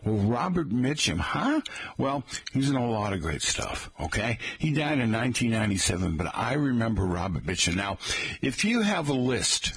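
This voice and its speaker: Husky-voiced chatty middle-aged man. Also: medium pitch, very animated, normal speed, a bit bright, no echo. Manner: chatty, rambling, addresses listeners as folks. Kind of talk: casual talk monologue.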